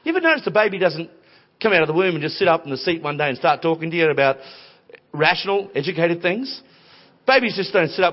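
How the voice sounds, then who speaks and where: A man preaching a sermon in a conversational, animated storytelling way with playful voices. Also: high-pitched, fast. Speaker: pastor. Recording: dull lo-fi recording.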